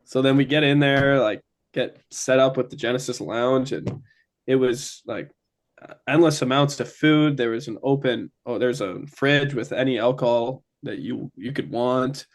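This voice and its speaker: A man's voice: mid-range voice, moderate pace. A young man from Ontario, telling a story as a guest in casual chat, full of fillers. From Ontario, Canada. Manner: chatty, many fillers.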